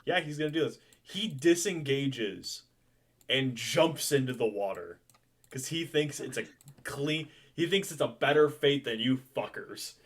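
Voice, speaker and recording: A man's voice: medium pitch, expressive, measured pace. A young man running a tabletop game as game master, chatty and loose, laughing and swearing casually.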